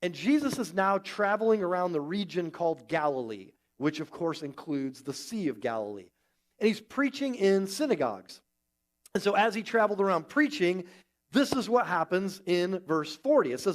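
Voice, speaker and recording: A man pastor preaching a conversational sermon in a church, with an animated, informal manner. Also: high-pitched, normal speed.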